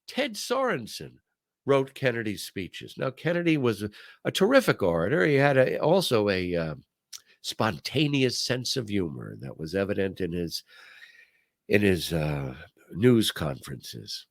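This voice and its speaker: An older man hosts a talk show with a gravelly edge to his voice. His pitch rises and falls animatedly as he tells stories and acts out famous quotes. The sound is dry and close. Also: very animated, unhurried, a bit bright, no room sound. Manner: storytelling, quotes speeches in put-on voices. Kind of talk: conversational commentary.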